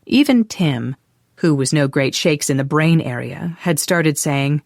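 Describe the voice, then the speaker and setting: An audiobook narrator reading a romance novel in an even, measured way. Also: mid-range voice, gravelly, no echo, clean studio sound. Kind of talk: scripted narration.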